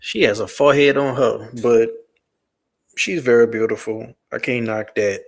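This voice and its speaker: Gravelly-voiced male commentary host. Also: medium pitch, fairly even intonation, moderate pace. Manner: casual, slangy, digressive. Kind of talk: reaction commentary.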